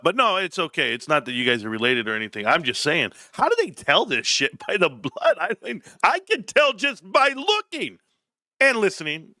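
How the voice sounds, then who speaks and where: A man's voice: on the high side, bright, forceful tone, no room sound, clean studio sound. A man in his forties hosting a casual livestream rant, joking and mocking with frequent laughs. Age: 40s. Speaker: livestream host.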